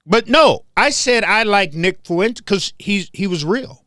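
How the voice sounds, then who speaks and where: A man's voice: high voice, expressive, unhurried, bright, forceful tone, no echo, clean studio sound. A man from Memphis hosting a heated commentary monologue, confrontational and emphatic, hammering points home by repeating them. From Memphis, southern US. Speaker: host.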